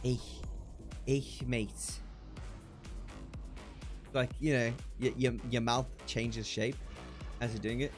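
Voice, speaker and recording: Male streamer, casual gaming chat, laughs a lot, average pitch, light music bed. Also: moderate pace. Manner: chatty, excitable, laughs often, trailing restarts. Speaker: livestreamer.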